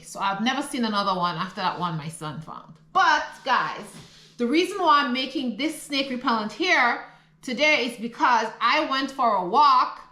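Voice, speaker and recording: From her home in the countryside, a middle-aged vlogger from the Caribbean talks lively and laughs a lot, speaking with a Caribbean English accent. The recording is low quality and roomy, and her voice is slightly high with a bright, forceful tone.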